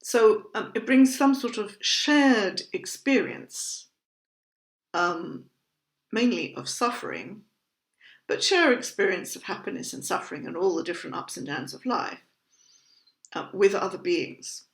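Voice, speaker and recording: A woman's voice: medium pitch, expressive. Thoughtful woman explaining in a roomy space. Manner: measured, thoughtful, explaining terms patiently. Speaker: Buddhism teacher. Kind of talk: explanatory educational talk. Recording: roomy echo.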